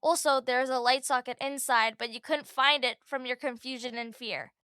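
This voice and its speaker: A woman voicing a shy, odd schoolboy who talks slowly and echoes words back in a storybook. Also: high-pitched, fairly even intonation, pushed and bright, smooth, studio quality. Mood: explaining. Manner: slow, halting, echoing words back.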